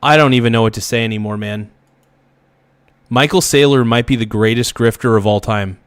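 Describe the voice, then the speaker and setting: A man of middle pitch rants through an angry reaction video. He swears freely, repeats himself and keeps building his outrage. The sound is dry and close. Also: fairly quick, smooth, dry recording. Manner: heated, profane, ranting with repeated phrases.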